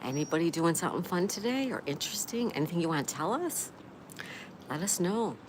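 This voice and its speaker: Noisy ambience fills the background as a woman hosts a casual live stream, reading viewer comments aloud. Her fairly low-pitched voice is expressive and brisk, and she greets every commenter by name before answering with gushing exclamations.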